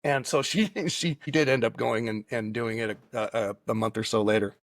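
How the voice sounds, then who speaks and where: A man telling a long personal anecdote as a podcast guest, animated and peppered with "right?" and "okay?" as he acts out what people said. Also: medium pitch, moderate pace, no room sound, studio quality. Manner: frequent tag questions like right and okay. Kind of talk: casual storytelling.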